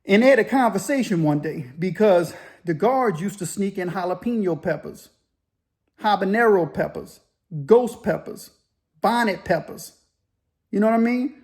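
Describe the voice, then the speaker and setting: Animated man telling a story. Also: high voice, moderate pace. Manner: loose and animated, with sound effects. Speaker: storyteller, former inmate. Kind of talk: casual spoken storytelling.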